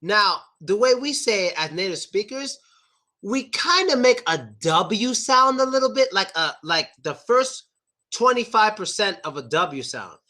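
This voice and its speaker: Upbeat young American male pronunciation teacher, high bright voice, drills words one by one. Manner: lively, repeats words slowly for demonstration. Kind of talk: online pronunciation lesson.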